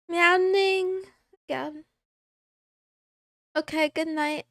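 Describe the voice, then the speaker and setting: Taking her time, a woman streamer with a high voice, lively intonation, and fairly bright tone reads viewer names during a casual livestream chat. The giggly, playful VTuber also slips into a meowing cat persona, and the studio-quality recording has no room sound.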